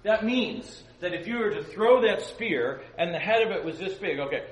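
In a gym-like hall, a man with a high, expressive voice teaches a casual Bible lesson to a youth group at normal speed. He is playful, making joking asides and asking his listeners questions. The recording has a roomy sound, a distant mic, and faint noise.

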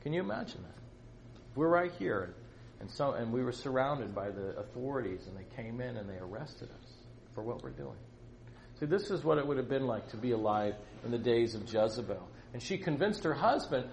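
A man preaching at a family camp, teaching the Bible in a conversational, animated way and acting out the scripture. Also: mid-range voice, normal speed, gravelly. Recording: roomy echo, faint noise.

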